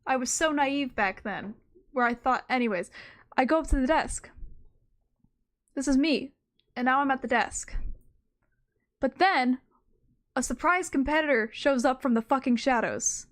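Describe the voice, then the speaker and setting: A young woman with a high, bright voice tells a story in a loose, rambling way. She mocks herself as she goes and swears freely. It sounds like a casual streamer chatting. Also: unhurried, pauses often. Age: young adult.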